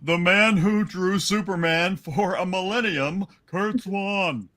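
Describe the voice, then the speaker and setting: High-voiced man narrating a comic. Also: takes it slowly, pushed and bright. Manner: playful, punning over names. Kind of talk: comic book read-aloud.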